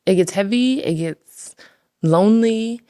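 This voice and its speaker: A woman's voice: medium pitch, a little slow, dark tone. A young adult woman, a podcast guest, telling her story earnestly and reflectively. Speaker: podcast guest, bookstore founder. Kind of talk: casual faith conversation.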